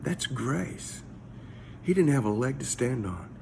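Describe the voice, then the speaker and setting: A man's voice: mid-range voice, very animated, takes it slowly, vocal fry, warm tone, a little hiss or hum. A man, a pastor, giving a casual morning devotional in a conversational, searching way, often repeating his words. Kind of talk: short devotional talk.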